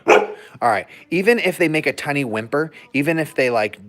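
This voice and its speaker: Lively chatty dog-training vlogger man. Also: fairly high pitch, moderate pace. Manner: chatty and digressive, jokes, laughs often. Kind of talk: casual vlog with dog training tips. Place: hotel room.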